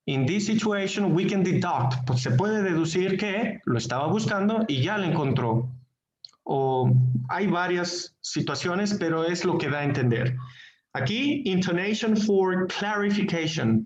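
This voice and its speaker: A man whose first language is Spanish teaching an English class online, speaking slowly and deliberately and repeating words as he searches for them. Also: high voice, animated. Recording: echoey, dull online class audio.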